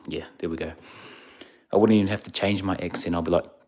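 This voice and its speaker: A laid-back male streamer, chatting casually with viewers. His voice sits very low, and he rambles a bit, sounding a little sleepy. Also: steady tone, quick pace, darkish tone. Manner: laid-back, rambling, answers chat questions. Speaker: livestreamer. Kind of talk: casual live-stream chat.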